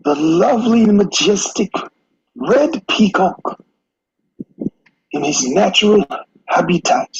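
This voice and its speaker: Brief: man doing a slow, breathy wildlife narrator, high and gravelly, on dry lo-fi audio. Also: animated, no room sound, exaggerated voice. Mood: reverent. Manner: slow, reverent and grand. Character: hushed male nature documentary narrator. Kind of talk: mock nature documentary narration. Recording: dry, muffled lo-fi sound.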